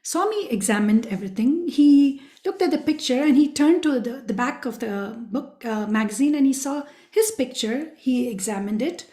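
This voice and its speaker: A woman tells devotional stories in an earnest voice, often turning to speak directly to her listeners. Her voice sits a little high but has a soft, mellow tone. The recording carries a noticeable room echo. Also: lively intonation, normal speed, few pauses. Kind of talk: storytelling talk. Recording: echoey room.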